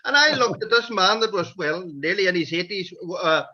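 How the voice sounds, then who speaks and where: High bright Donegal man telling stories. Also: lively intonation, moderate pace. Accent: Donegal Irish. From Ireland. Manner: rambling anecdotal storytelling. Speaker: men's shed member. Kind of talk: storytelling on a video call. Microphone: video call. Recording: dull lo-fi video call audio.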